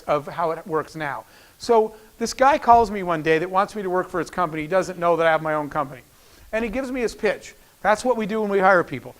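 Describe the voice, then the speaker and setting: A man's voice: sits high, a bit bright. A middle-aged man giving a storytelling business talk, acting out the dialogue he quotes. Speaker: keynote speaker.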